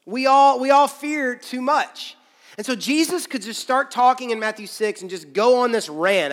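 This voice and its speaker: A man's voice: sits high, moderate pace, fairly bright tone, big-room sound. A man pastor preaching a conversational sermon, joking and acting out quoted voices.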